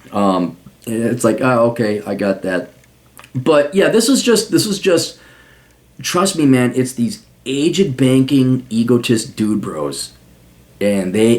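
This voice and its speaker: A man's voice: medium pitch, darkish tone. A man hosting a podcast, ranting casually in a profane, sarcastic way. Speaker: podcast host.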